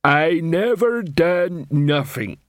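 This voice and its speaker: A man reading an audiobook, voicing a sullen troll prisoner who growls his words very slowly. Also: fairly high pitch, expressive, no echo, studio quality, voice pushed up. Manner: slow, growling, sulky mumble.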